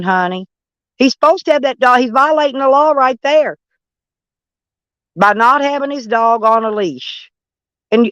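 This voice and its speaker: A woman's voice: fairly high pitch, no echo. A woman chatting with viewers on a livestream, blunt and swearing freely, calling people honey. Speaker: livestream host. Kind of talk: casual livestream chat with viewers.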